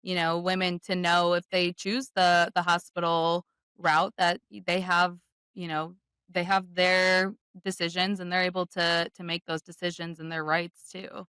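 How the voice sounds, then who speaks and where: A young woman who is a guest on a podcast, a new mother telling her story in a quick, animated way with laughter. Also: lowish voice, clear, resonant tone, dry recording. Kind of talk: casual interview chat.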